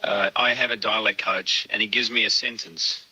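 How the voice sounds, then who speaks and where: An Australian man answers interview questions in a relaxed, self-deprecating way. His low voice is very husky but has a sharp, bright edge. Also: moderate pace, no echo, low-quality recording. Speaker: actor being interviewed.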